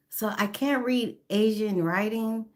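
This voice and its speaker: Slow-talking woman in her fifties. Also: on the high side. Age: 50s. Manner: chatty, greets viewers by name, apologetic. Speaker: livestreamer. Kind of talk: casual live-stream chat, greeting viewers. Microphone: phone.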